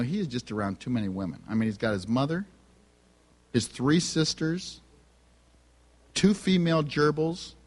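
A middle-aged man giving a sermon full of humorous personal stories about his family, acting out their dialogue. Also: on the high side. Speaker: speaker on family and spiritual gifts. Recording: long reverb of a large hall.

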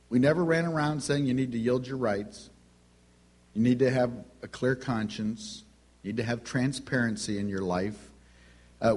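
In a teaching talk about raising children in the Christian faith, this middle-aged man relates family stories and performs the dialogue himself. His voice sits in the mid-range with a somewhat dark tone.

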